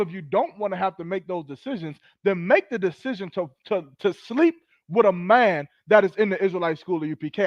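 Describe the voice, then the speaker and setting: Scolding man with a high, dull voice. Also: no room sound. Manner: preachy, scolding, profane. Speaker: podcast host. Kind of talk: heated commentary.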